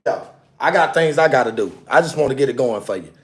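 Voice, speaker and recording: A man's voice: medium pitch, animated, quick pace, far from the mic. A man on a casual livestream, talking in an agitated, profane way and repeating himself, recorded away from the mic. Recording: roomy sound, away from mic.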